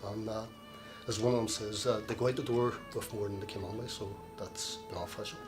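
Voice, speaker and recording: A man speaking in a relaxed, hesitant way, with fillers. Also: lowish voice, a little fast, music in the background.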